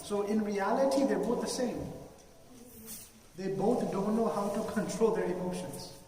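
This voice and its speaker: A man's voice: sits high, a little slow, warm tone, a little hiss or hum. Man speaking in an echoey far-off hall. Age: adult parent. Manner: earnest, repetitive, plain-spoken. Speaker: Islamic speaker giving a reminder. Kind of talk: religious talk on parenting.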